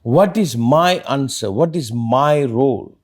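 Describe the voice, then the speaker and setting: A man's voice: medium pitch, animated, slow. A man, a spiritual teacher, talking earnestly in a reflective conversation and asking probing questions.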